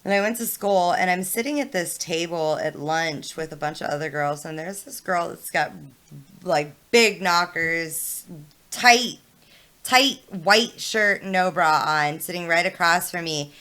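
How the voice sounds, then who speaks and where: A woman's voice: on the low side, unhurried, bright, forceful tone, clear, resonant tone. A young woman streamer chatting casually and telling a story bluntly, with heavy swearing. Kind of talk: casual chat on a live game stream.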